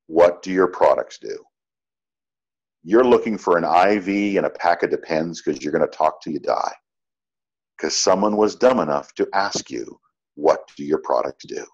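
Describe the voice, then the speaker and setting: A network marketing trainer gives a motivational sales talk in a low-pitched voice, and the recording sounds as if its highs have been cut off. An animated storyteller, he acts out both sides of every conversation he describes.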